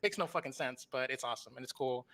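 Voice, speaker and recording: A male guest on a gaming podcast speaks over an online call. He rambles with enthusiasm and swears casually as he goes. His voice is bright and forward at a middling pitch. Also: fast talker. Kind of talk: casual chat.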